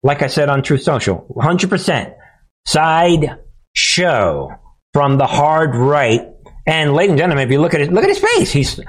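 Man, political commentary host, live show, mocking, combative, very lively pitch. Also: normal speed. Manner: mocking, combative, laughs at what he hears.

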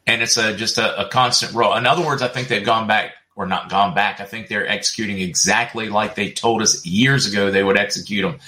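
Middle aged guy hosting a livestream, chatty, laughs a lot, pretty bright voice. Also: fairly low pitch. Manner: chatty, reads viewer comments aloud, laughs often. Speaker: livestream host. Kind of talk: casual livestream chat, reading viewer comments.

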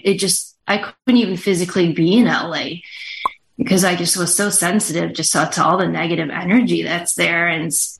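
A woman's voice: on the low side, a bit bright. A woman talking as a guest on a call-in show, hesitant and full of fillers. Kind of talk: talk show conversation.

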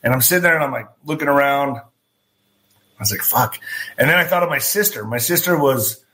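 A man's voice: medium pitch, normal speed. A man hosting a podcast, telling a story casually and acting out the dialogue, with frequent swearing. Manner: animated, swears freely, acts out quoted dialogue. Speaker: podcast host.

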